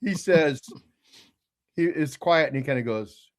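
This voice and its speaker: A middle-aged man telling a story on a casual podcast, rambling and halting with many fillers and restarts. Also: fairly high pitch. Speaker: regular co-host, "the old man".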